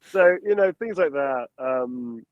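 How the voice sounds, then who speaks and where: A man talking animatedly in an interview about building characters, his pitch sitting in a middle range. The recording is dry and slightly dull, with almost no room around it. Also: slow, dry recording. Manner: animated, acts out quotes and voices. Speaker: voice actor guest. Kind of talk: interview answers about acting craft.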